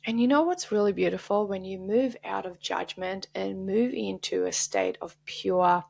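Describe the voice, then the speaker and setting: Earnest woman with a gravelly edge. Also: mid-range voice, moderate pace. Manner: earnest, confessional, dips to soft whispers. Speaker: podcast host. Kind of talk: candid solo podcast monologue.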